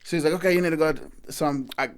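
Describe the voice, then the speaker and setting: A man telling a story in a casual interview, animated and swearing freely as he acts out what people said. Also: fairly high pitch, very fast, smooth. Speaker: guest musician.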